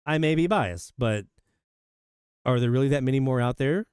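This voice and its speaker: A man hosting a live radio hobby show, chatting casually and enthusiastically as he reads out listener shoutouts. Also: mid-range voice, lively intonation, brisk, clean tone, no echo, clean studio sound. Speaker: host of a radio hobby livestream.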